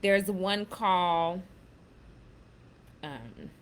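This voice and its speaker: A woman with a fairly low pitch and lively intonation speaks extremely slowly while hosting a casual spiritual self-help talk. She chats freely, emphasizes the affirmations she reads, and says "baby" and "y'all."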